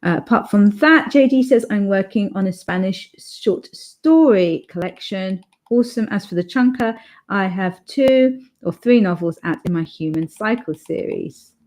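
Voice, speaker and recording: A woman's voice: medium pitch, measured pace, darkish tone. A young woman hosting an author livestream, chatting casually and reading viewer comments aloud, rambling with fillers and restarts.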